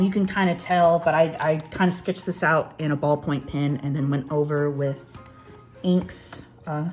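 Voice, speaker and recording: A young woman artist casually talking through her sketchbook pages, rambling and self-deprecating. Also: lowish voice. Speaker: artist, channel host. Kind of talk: casual sketchbook tour narration.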